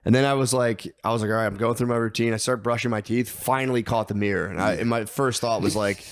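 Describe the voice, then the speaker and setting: A man's voice: on the low side, fast, dry recording, studio quality. A young man and podcast co-host telling a long story in casual chat, rambling and swearing, with stammered restarts, acting out what he thought and said. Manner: rambling, profane, stammering restarts, acts out his own thoughts.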